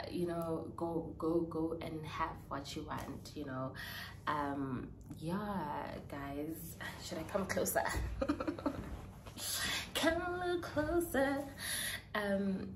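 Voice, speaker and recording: A young South African woman vlogging in a casual, heartfelt way, chatty and emotional with hesitant pauses. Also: deep voice, noisy background. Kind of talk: casual personal vlog. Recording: roomy echo with clear background ambience.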